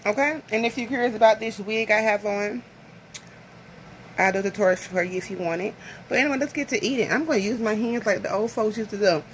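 A woman's voice: medium pitch, fast talker, a little hiss or hum. A woman from the American South chatting casually to camera over lunch at home, rambling and nervous. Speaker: vlogger. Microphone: phone camera.

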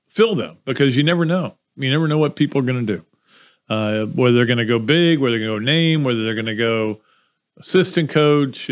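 A man hosting a podcast, giving casual, opinionated sports commentary in a rambling way. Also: medium pitch. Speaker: podcast host.

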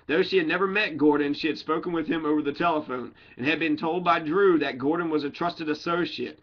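A man's voice: a little high, fairly quick, highs cut off. A man reading a crime book aloud in a casual way, often breaking off for joking tangents and correcting his own slips. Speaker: audiobook reader. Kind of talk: casual read-aloud with rambling asides.

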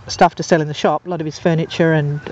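A woman's voice: low voice, steady tone, quick pace, darkish tone, slight background noise. A woman from England talking casually while filming outdoors on a golf course, rambling through anecdotes with plenty of ums and uhs. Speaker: amateur nature videographer. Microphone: handheld camera mic. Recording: slightly dull, muffled outdoor recording.

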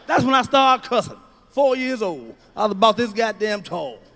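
High bright-voiced comic guy, loud, cussing, acting out stories on stage. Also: moderate pace. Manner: profane, loud, animated storytelling with acted-out shouts. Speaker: stand-up comedian. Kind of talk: stand-up comedy.

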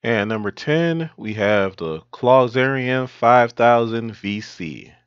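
A man hosting his own video, joking around and then counting down a list in an unhurried way. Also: medium pitch, clear, resonant tone, dull audio, faint music behind. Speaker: vlog host.

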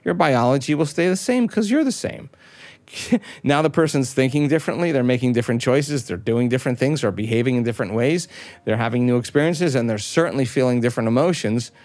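A man's voice: mid-range voice, lively intonation, fairly quick, darkish tone, no echo. Middle-aged guy talking it through hard, punchy repeats, asks himself questions, dry sound, mid voice. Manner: emphatic, with rhetorical questions and repeated phrasing. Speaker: interview guest. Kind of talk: explanatory talk.

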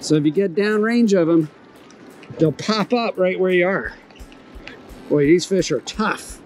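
A man's voice: sits high, darkish tone, low-quality recording. A man hosting a fishing video from a boat on open water, exclaiming with enthusiasm and explaining how to approach and catch fish. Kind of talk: excited on-the-water fishing commentary.

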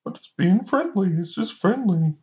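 A man's voice: sits high, animated, moderate pace, mellow, pitched above the performer's own voice. A man putting on a mocking voice of a smug young bro who insists he is only being friendly. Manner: mocking, sing-song. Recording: dull lo-fi recording.

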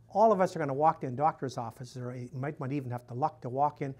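A male missionary priest gives a loose, conversational lecture to a room with a live audience, stringing points together as stories and often dropping in "you know." His mid-range voice is a little mellow and quick, and he raises it to act out dialogue when quoting someone.

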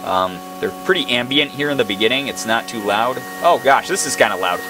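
Excitable young male gamer, lively, playful, mid-pitched. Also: normal speed, music in the background. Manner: excitable, exclaiming. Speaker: gaming video host. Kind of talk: let's play commentary.

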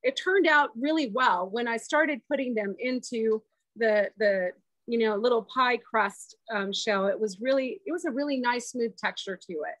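A woman on a video call, describing a dessert she made in a relaxed, talkative way full of "um"s. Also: fairly high pitch, moderate pace, no room sound. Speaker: guest sharing a dessert. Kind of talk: casual chat demo.

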